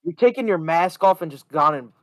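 A man's voice: a little high, expressive, fairly quick, rough recording. A young man co-hosting a podcast who chats casually, swears and keeps saying "bro" and "right?". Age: young adult. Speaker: podcast co-host. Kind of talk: casual chat.

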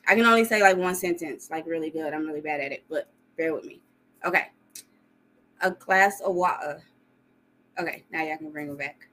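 A woman with a bright, clear tone talks her way through a podcast segment. She rambles and fills her sentences with "like," and often breaks into giggles. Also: deep voice, steady tone, quick pace, slight background noise. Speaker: podcast co-host. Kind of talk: casual chat.

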